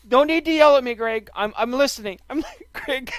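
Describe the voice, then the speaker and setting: A man with a high, bright voice talks slowly and sarcastically into a bluetooth headset, teasing the person on the line. He keeps dissolving into laughter. The sound is dry and close, with no room around it. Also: clean tone, no room sound. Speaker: gamer taking a scam phone call. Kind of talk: mocking casual phone talk.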